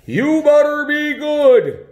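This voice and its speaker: A man voicing Santa Claus as a slow, stern old man warning kids to be good. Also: very high-pitched, big pitch swings, a little mellow, reverberant, voice pushed up, exaggerated voice.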